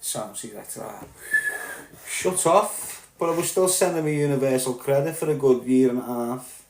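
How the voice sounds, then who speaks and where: A man in his thirties with a Liverpool accent, talking bluntly and swearing as he tells his story on a podcast, going from loud bursts to low mutters. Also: moderate pace, reverberant. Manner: blunt and profane, swings between loud outbursts and low muttering. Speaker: podcast host. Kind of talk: candid monologue.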